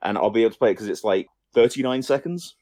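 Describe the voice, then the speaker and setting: Brief: male podcast co-host, low voice, loose rambling delivery, dry close mic. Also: fast, darkish tone, dry recording. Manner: rambling, swears casually, trails off and restarts sentences. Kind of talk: casual film-news chat.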